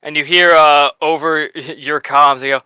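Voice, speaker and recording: A man runs a tabletop game, narrating in a loose, rambling manner. His voice sits slightly high and very bright, and clear in a dry room. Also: level tone, unhurried, no echo. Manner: casual, rambling with fillers. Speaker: game master.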